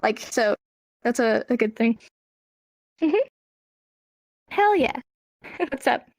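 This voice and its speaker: A woman's voice: sing-song, takes it slowly, a little mellow, dry recording, rough recording. Chatty young woman teaching, dry close sound. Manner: chatty, acts out example dialogue with rising pitch. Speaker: sign language teacher. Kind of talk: casual spoken lesson answering questions.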